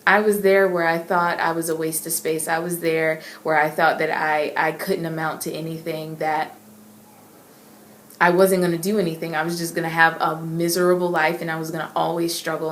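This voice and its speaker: A young adult woman earnestly recounting a personal faith testimony, emotional and halting, with frequent repeats. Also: deep voice, level tone. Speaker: inspirational vlogger. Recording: echoey room with faint ambience.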